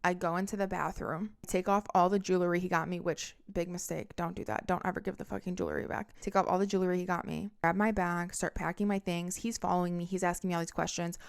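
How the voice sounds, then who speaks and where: A young adult woman with a lowish, smooth and clear voice, recounting a personal storytime as a podcast host. She talks in a candid, intense way and swears freely. The story comes out as one unscripted spoken monologue. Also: steady tone, fast talker, few pauses.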